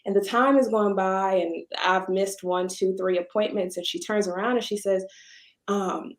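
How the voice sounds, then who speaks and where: A woman guest entrepreneur chatting casually on a video call, telling stories and lively when she quotes others. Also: mid-range voice, moderate pace, reverberant. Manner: storytelling, animated when quoting others. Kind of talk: casual panel conversation. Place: home, virtual video call. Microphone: video call microphone.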